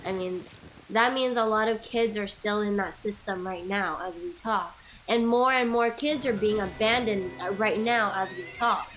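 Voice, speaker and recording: A woman's voice: mid-range voice, normal speed, a bit bright, low-quality recording. A woman co-hosting a gaming video in casual chat, earnest and rambling, full of fillers. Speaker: co-host playing a video game.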